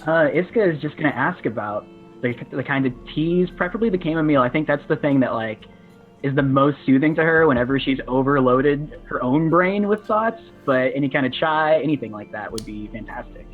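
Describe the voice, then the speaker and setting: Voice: medium pitch, animated, a little fast, faint music behind. Tabletop player, easygoing talk, phone-like audio. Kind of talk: describing her character's wishes. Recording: tinny phone-like call audio.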